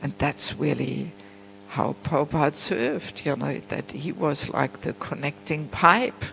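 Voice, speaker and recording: A woman giving a class on scripture at a temple, chatty and warm in tone, often saying "you know" and breaking into laughs. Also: low-pitched, a little slow, gravelly, a little hiss or hum, rough recording. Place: temple hall.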